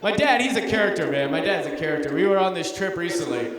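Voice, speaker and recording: Stand-up comic, man, high voice, sarcastic and self-mocking, heard from far off in a long echoey hall. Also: lively intonation, quick pace, crowd noise. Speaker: stand-up comedian. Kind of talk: stand-up comedy set. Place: theater stage before a live audience.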